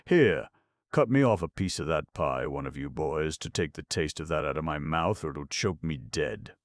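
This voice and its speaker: A man's voice: extremely low pitch, animated, normal speed, dry recording, studio quality. A man voicing a surly, bitter male burglar who growls threats and demands. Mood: growling.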